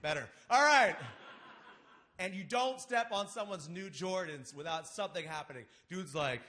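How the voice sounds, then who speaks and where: A man's voice: high voice, brisk. A man in his thirties telling a comedic personal story live on a theater stage into a microphone, acting out the voices of his friends. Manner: animated, acts out friends' voices. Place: large theater stage before an audience.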